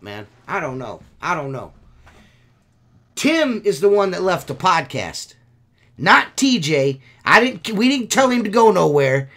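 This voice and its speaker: A man's voice: high-pitched, pushed and bright. Profane, ranting male podcast host. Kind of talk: casual podcast rant.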